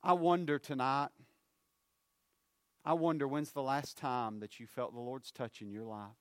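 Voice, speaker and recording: A man, preaching a sermon. His loud, rising appeals drop to low, hushed phrases. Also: fairly even intonation, measured pace, no echo, clean studio sound.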